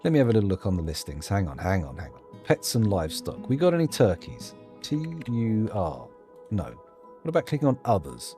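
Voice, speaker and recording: This gameplay host's voice is on the low side and warm as he delivers rambling let's-play commentary. He thinks out loud, cracking jokes at his own expense.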